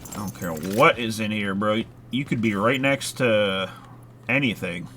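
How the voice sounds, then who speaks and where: A man's voice: lowish voice, a little slow, pushed and bright, slight background noise. A man casually chatting while he streams a horror game live, rambling with lots of filler words and casual swearing. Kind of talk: casual live gameplay chat.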